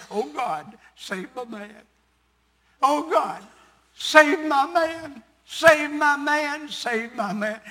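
An older male preacher with a high, bright voice tells his story from the pulpit, swelling into loud, emphatic sermon delivery. His voice rings out with a long reverb in a large hall.

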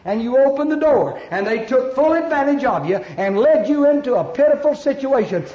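A man's voice: very high voice, expressive, a little fast, mellow. A man preaching an emphatic revival sermon, telling a story with a repetitive, pleading cadence to his congregation. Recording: echoey lo-fi church recording.

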